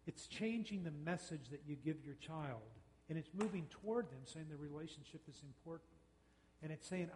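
A man's voice: on the high side, lively intonation, a little mellow. Man speaking in a reverberant hall. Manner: folksy, uses quoted dialogue and quick mock exchanges. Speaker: speaker on parenting, radio host and counselor. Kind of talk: talk to an audience on parenting.

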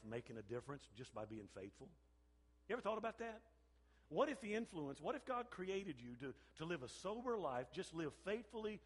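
Older male pastor preaching in a reverberant sanctuary, animated and repetitive, pitched a touch high. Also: slightly rough. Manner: animated storytelling with lively laughter and repeated phrases. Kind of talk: sermon. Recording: long hall reverb.

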